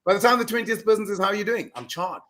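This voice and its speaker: A man talking as a guest in a casual interview, telling animated stories and acting out his own self-talk, often restarting words. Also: high voice, rapid-fire, crowd noise. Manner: animated storyteller, repeats words when restarting. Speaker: podcast guest, mindset coach.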